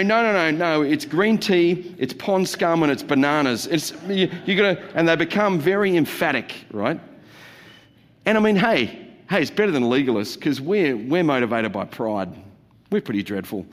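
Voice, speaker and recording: Jokey male pastor in a reverberant hall. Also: medium pitch. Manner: jokey, conversational, playful asides to the congregation. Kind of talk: sermon. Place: church auditorium.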